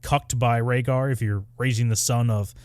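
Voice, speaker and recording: A man's voice: medium pitch, steady tone, moderate pace, a little mellow, no room sound. A man co-hosting a casual podcast, rambling and hesitant as he ranks characters, with a playful edge. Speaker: podcast co-host. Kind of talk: casual chat.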